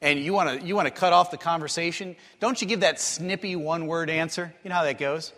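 A male preacher with a fairly high voice delivers a sermon in a church, and his words ring out in a long hall reverb. He tells stories vividly, acting out the quoted people and rising into eager, excited passages. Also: fast talker. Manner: storytelling, acts out quotes, rises to excited bursts. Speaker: pastor.

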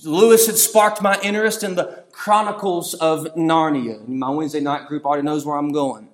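A man, preaching a storytelling sermon that swings between hushed passages and shouting. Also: a little high, steady tone, normal speed.

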